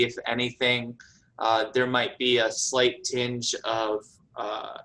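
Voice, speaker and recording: A man running a tabletop role-playing game as game master, answering in a halting, thoughtful way. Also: mid-range voice, bright, forceful tone, rough recording.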